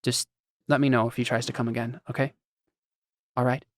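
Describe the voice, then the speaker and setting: A man voicing a troubled young noblewoman who speaks quietly and carefully. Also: medium pitch, flat delivery, fairly quick, no echo, studio quality, lightly acted.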